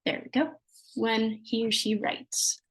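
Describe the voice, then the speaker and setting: A woman teaching a language lesson over a shared screen, patiently sounding out words slowly. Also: a little high, steady tone, husky, rough recording.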